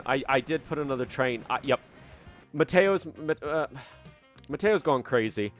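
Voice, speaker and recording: A man's voice: mid-range voice, expressive, normal speed, pauses often, soft background music. A young man hosting a gaming channel, casually commenting on his gameplay, chatty and self-mocking as he thinks aloud at a desk microphone at home. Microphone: desk microphone at a computer.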